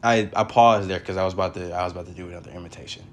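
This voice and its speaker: Rapid-fire and low-voiced, a young podcast host rambles through a casual solo show recorded at his brother's house. His intonation stays fairly even, and fillers like "like" and "for real" crop up constantly.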